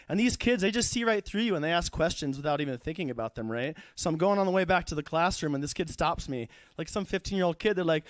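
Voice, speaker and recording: A man's voice: on the high side, lively intonation, fast talker, few pauses, dry recording. A young man performing a stand-up comedy set at a live show, rambling, profane and losing his thread.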